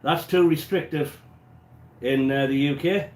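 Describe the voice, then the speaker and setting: With a slightly high voice at a measured pace, an Englishman from England talks casually on a live baking stream, responding to viewers. The small home kitchen sounds reverberant, and he has a stuffy nose and the odd cough.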